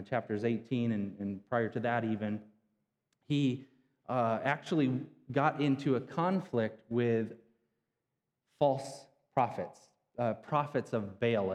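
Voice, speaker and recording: A man's voice: medium pitch, darkish tone. Casual preaching man in a reverberant hall. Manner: casual, retells scripture in everyday slang. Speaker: pastor. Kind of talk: conversational sermon storytelling. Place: church sanctuary.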